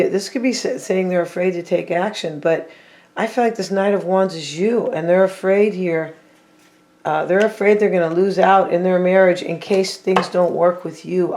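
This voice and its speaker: Laying out cards while chatting casually with viewers, a tarot reader thinks out loud and keeps saying what they feel, often repeating and hedging with "I feel like." The voice is medium-pitched, and the reader tosses in playful, teasing remarks.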